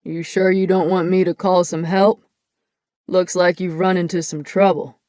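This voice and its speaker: A woman narrating an audiobook, voicing a gruff, kindly older male biker with a smoker's voice who speaks slowly and laconically. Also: on the low side, level tone, dark tone, no room sound, natural voice. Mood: laconic. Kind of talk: audiobook character voice.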